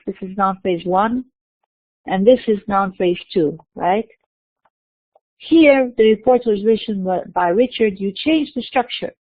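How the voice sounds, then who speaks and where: A woman teaches a university class, working through each point and asking questions she then answers herself, with repeated restarts. Her voice sits at a middle pitch. The recording is dry and tinny, as if heard over a phone line. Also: dry recording. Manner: explanatory, repeats words and restarts, asks and answers own questions. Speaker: lecturer. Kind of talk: university lecture.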